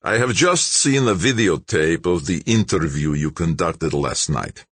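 A man voicing a stern male Russian official who speaks formally and threateningly, in a husky voice. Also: low voice, expressive, a little slow, dry recording, exaggerated voice. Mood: smooth.

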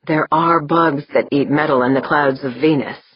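A woman voicing a gruff, blunt crew veteran who swings between hollering and grudging mutters, in a slightly muffled audiobook recording. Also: low voice, fairly even intonation, normal speed.

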